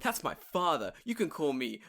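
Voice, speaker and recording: A man voicing a goofy male teacher of a drug-dealing class, with a slow, hammy showman delivery. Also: fairly high pitch, big pitch swings, gravelly, a bit bright, exaggerated voice.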